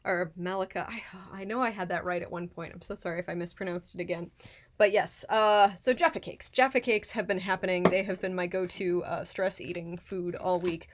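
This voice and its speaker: A woman's voice: fairly low pitch, fairly even intonation, a little fast, slight background noise. Chatty woman streaming from her kitchen. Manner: chatty and rambling, greets chat viewers. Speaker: live-stream cooking host. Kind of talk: casual live-stream chat. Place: apartment kitchen.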